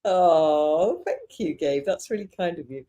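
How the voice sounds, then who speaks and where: An English woman hosts a live podcast stream, warmly effusive toward her guests. Her pitch sits a little low yet swings widely as she speaks, rising high on her enthusiastic greetings. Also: sing-song, a little slow. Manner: effusive, gushing with praise. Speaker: podcast host. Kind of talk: casual live-stream chat.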